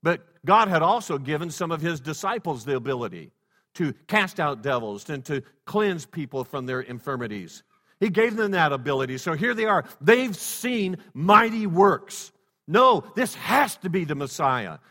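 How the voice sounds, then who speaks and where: A man preaching a sermon, swinging from loud exclamations to hushed low passages and leading the congregation in call-and-response. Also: very animated, normal speed. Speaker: pastor. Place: church sanctuary. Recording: long hall reverb.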